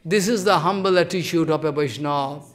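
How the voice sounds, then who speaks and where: Spiritual teacher, male, high voice, fervent and repetitive sermon delivery. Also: fairly quick. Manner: fervent, repeats phrases for emphasis; broken, simplified English grammar. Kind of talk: devotional sermon.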